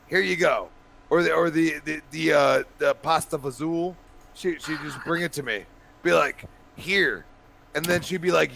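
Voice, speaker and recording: A man's voice: fairly high pitch, vocal fry. A man co-hosting a casual podcast chat, telling rambling family stories with many restarts. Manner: rambling animated storyteller, many restarts and laughs. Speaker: podcast co-host.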